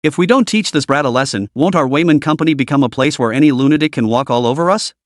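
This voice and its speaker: A man's voice: mid-range voice, fast, dry recording, clean studio sound, close to an everyday voice. A man voicing an arrogant company boss in a storybook recap, sneering and barking threats. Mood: furious.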